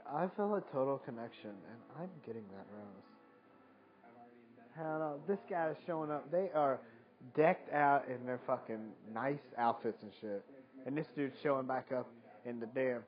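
Male streamer, mid-pitched, slangy and sarcastic, dull lo-fi phone audio. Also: a little slow, pauses often. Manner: slangy, mocking, swears freely. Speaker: live-stream commentator. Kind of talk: casual joking live commentary. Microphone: phone mic.

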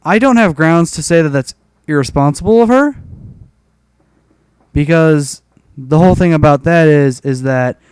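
A man's voice: fairly high pitch, moderate pace, darkish tone, smooth, dry recording. A young man telling a rambling, profane story in a casual rant over gameplay. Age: young adult. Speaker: gaming commentator.

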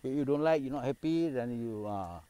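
A man with a Singaporean English accent, live-streaming from a dark park at night and chatting casually, joking and bantering, with Malay phrases mixed in. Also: medium pitch, expressive, normal speed, smooth, no echo. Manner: jokey, banters with spirits, mixes in Malay phrases. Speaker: paranormal explorer live-streaming.

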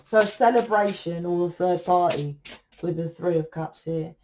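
A woman's voice: on the low side, moderate pace, a little mellow, a little hiss or hum. A woman giving a casual tarot reading to camera. She talks bluntly, swears freely and keeps tagging her points with "right?". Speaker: tarot reader.

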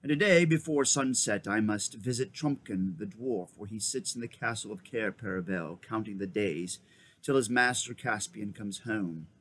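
A man voicing a great male lion, grave and kingly, with a lower, slow, solemn delivery in a storybook reading. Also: a bit bright. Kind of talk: storybook read-aloud.

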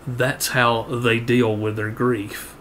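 A man preaching a sermon, earnest, often repeating words and rising in pitch to press a point. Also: level tone, slow pace, fairly bright tone, slight background noise.

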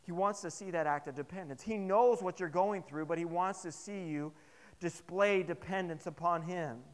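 Male pastor, fairly high voice, lively and funny storytelling sermon, long chapel reverb. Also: moderate pace. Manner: animated, humorous storytelling to the congregation. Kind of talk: sermon with personal stories. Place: chapel service.

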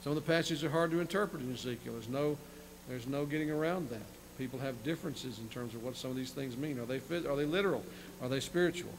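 A man's voice: medium pitch, fast talker, rough recording. Male pastor, mid-range voice, sermon delivery, reads scripture then comments, slight hum in the recording. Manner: reads scripture aloud, then explains in plain asides; repeats words and restarts phrases. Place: church sanctuary.

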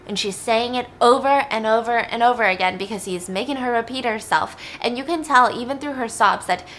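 Brief: young female vlog host, casual and emphatic, bright voice, faint ambient noise. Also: fairly high pitch, fairly quick. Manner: chatty, emphatic, wry asides. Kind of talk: casual true crime storytelling.

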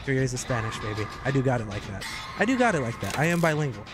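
A man giving joking, excitable commentary while streaming gameplay, often breaking into high shouts. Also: quick pace, over music. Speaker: gaming streamer.

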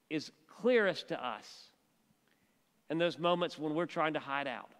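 A male pastor preaching a sermon, telling stories and dropping his voice soft and quiet for emphasis. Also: a little high, smooth, long reverb tail.

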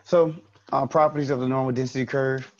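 A man's voice: medium pitch, steady tone, brisk, muffled recording. A man teaching an online statistics class, explaining step by step and repeating key points.

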